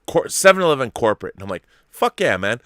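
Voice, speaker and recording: A man telling a story in casual chat, animated and swearing as he acts out the people in it. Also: mid-range voice, fast talker, dry recording, studio quality. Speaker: podcast host.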